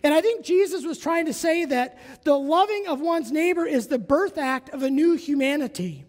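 A woman's voice: high-pitched, expressive, normal speed, a little mellow. A woman pastor preaching a sermon in a church, often asking her congregation questions. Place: church sanctuary. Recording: long church reverb.

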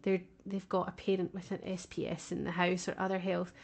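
A woman's voice: lowish voice, level tone, fairly quick, gravelly. Chatty woman podcast co-host. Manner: chatty and warm-hearted, laughs often. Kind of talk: casual podcast chat.

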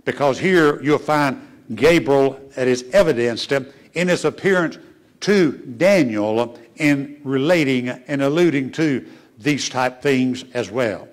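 A man preaching a sermon as a pastor, who swings between emphatic rises and hushed asides and asks his congregation questions. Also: medium pitch, measured pace. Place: church sanctuary.

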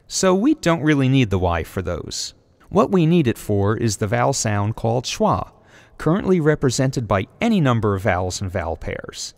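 A man's voice: mid-range voice, long reverb tail. A man narrating a scripted video essay, carefully sounding out example words one by one. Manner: slow, deliberate word-by-word pronunciation.

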